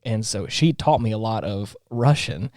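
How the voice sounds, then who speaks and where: A man's voice: on the low side, animated, normal speed, darkish tone, no room sound, clean studio sound. A man co-hosting a podcast, telling a story in casual chat, rambling with lots of fillers and restarts. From Southern United States. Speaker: podcast co-host.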